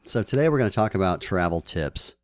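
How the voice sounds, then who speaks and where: A man's voice: sits low, expressive, a little fast, no echo, clean studio sound. A man co-hosting a podcast with his wife, chatting in an easygoing, rambling, reflective way. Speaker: podcast co-host. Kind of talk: casual chat between spouses.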